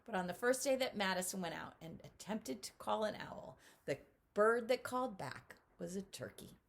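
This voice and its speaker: Gravelly woman teaching kids at home. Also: medium pitch, moderate pace. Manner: animated, talks straight to kids, imitates owl calls. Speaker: children's author teaching at-home learners. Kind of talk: friendly lesson to children. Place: home, indoors.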